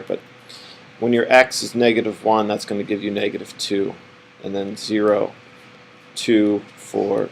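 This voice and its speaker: A man's voice: on the low side, vocal fry, slight background noise, rough recording. A man teaching a math lesson, rambling and correcting himself as he draws on the board. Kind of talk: classroom lecture.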